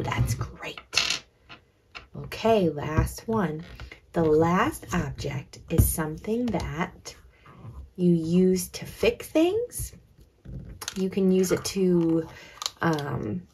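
A woman teaching young children, slow and clear, encouraging them and drawing out words as she sounds them. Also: lowish voice, noisy background. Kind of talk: children's lesson.

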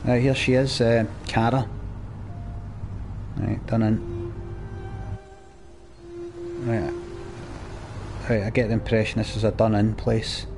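A man's voice: fairly low pitch, flat delivery, takes it slowly, creaky, pauses often, over music. A Scottish man chatting and ranting as he plays a game, swearing freely. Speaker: gamer. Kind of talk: let's play commentary.

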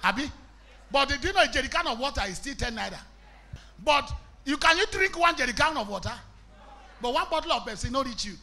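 A Nigerian man preaching a sermon as an evangelist, impassioned and breaking into shouts, with Pidgin mixed into his English. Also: very high-pitched, lively intonation, fairly quick, long pauses.

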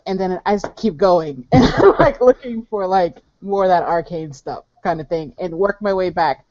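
A woman's voice: on the low side, moderate pace, warm tone, dry recording. A woman talking casually as a player in a tabletop game, rambling. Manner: rambling, laughing often. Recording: muffled dry online voice chat.

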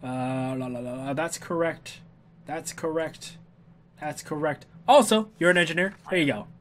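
A man's voice: on the high side, normal speed, a little hiss or hum. A man giving casual gameplay commentary as a let's player, goofy and chatty, talking back to the characters and humming to himself. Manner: goofy, talks back to game characters, hums and sings to himself.

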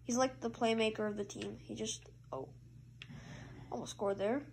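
A woman commentating her own hockey video game match, calling plays and cheering loudly at goals. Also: normal speed, vocal fry, a little hiss or hum. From Canada. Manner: excitable play-by-play, jumps to loud high cheers at goals. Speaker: gamer.

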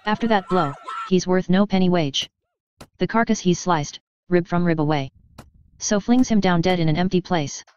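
A woman reading an epic poem aloud in a measured, steady recitation. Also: lowish voice, smooth, dull audio. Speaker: reader.

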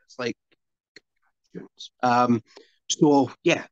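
A Scottish wrestler in his forties guests on a podcast, spinning long, rambling anecdotes in a casual interview and restarting his sentences often. His mid-range voice draws out words. The lo-fi audio is dull and dry, with no echo.

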